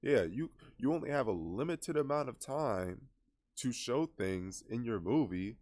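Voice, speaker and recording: A man's voice: medium pitch, expressive, measured pace, darkish tone. A man giving casual reaction commentary on a movie trailer, scoffing and exasperated as he critiques it.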